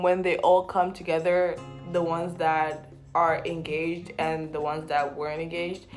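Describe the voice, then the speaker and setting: A young woman giving casual, animated commentary on a reality show, swearing freely and acting out the people she talks about. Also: on the low side. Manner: animated, quotes people in put-on voices, swears. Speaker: vlogger.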